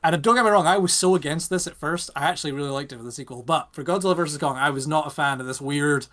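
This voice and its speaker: A man's voice: fairly high pitch, very fast, a bit bright. A young British man co-hosting a podcast, rambling in casual chat and firing off rhetorical questions. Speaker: podcast co-host.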